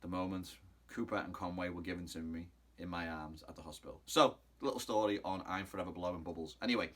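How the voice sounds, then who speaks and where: Man, thirties, football fan vlogger, cheeky and rambling, bright forceful voice. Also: low-pitched, fairly even intonation, fast. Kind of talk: casual match recap.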